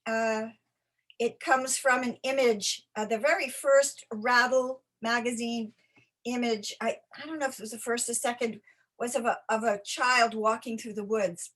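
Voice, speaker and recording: A woman's voice: on the high side, steady tone, moderate pace, fairly bright tone, poor audio. A woman poet introducing and reading her poem, hesitant, with many fillers and restarts.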